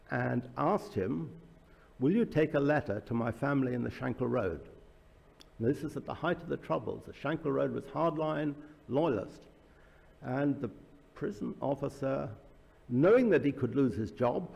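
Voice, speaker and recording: A man's voice: medium pitch, gravelly, darkish tone, husky. A man speaking as an author at a book launch, telling anecdotes in a loose public talk, with many fillers and restarts. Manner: storytelling with frequent fillers and restarts. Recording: reverberant hall.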